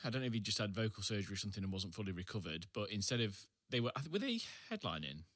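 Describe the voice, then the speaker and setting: A man's voice: fairly low pitch, big pitch swings, racing, a bit bright, dry recording. A man, a podcast guest, chatting casually in a laid-back way, trailing off and laughing often. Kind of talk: casual chat.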